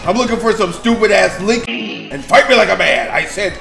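Animated man shouting over his gameplay. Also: high voice, normal speed, gravelly, roomy sound, faint music behind. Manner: loud, swearing, trash-talking, swings from mutters to shouts. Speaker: gaming YouTuber. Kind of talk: excited gameplay commentary.

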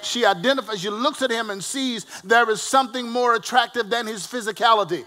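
A man preaching a sermon to a responding congregation, swinging between loud, emphatic calls and quiet storytelling. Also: high-pitched, fairly quick, hardly any pauses.

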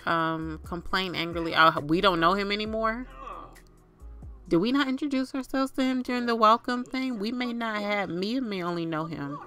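A woman's voice: medium pitch, moderate pace, sharp tone, soft background music. A woman casually commentating her life-sim gameplay and chatting to her game characters as if they were family. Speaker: gaming channel host.

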